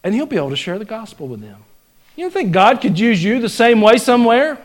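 A man with a Southern US accent preaching a folksy, joking sermon in a church, swinging from loud exhortation to hushed asides. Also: sits high, big pitch swings, fast. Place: church sanctuary.

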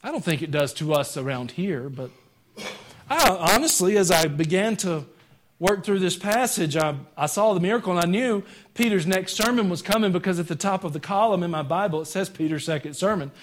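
A man with a notably high voice delivers a sermon in a church, talking to the congregation like a neighbor. He punches some lines out hard, then drops to quiet, dry jokes. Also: animated, fairly quick. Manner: conversational preaching that swings between loud emphatic lines and quiet wry asides; joking. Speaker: pastor. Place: church sanctuary.

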